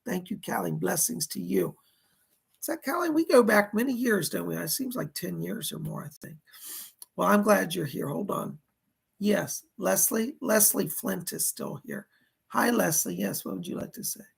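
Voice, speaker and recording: With a voice that sits high and an animated, normal-speed delivery, a man streams live as a psychic medium. Between occasional coughs and a hoarse tone, he reads out donations and questions and shares spirit messages laced with "he said."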